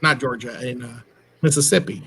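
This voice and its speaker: A man's voice: medium pitch, a little fast, gravelly, fairly bright tone, slightly rough. A middle-aged man co-hosting a livestream, telling rambling stories in casual chat. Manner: rambling, chatty storyteller. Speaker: livestream co-host.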